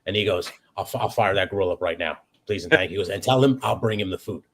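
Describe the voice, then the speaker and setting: Low-voiced man telling stories casually. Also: fast talker, a bit bright. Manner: swearing storyteller, lots of restarts. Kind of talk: casual chat.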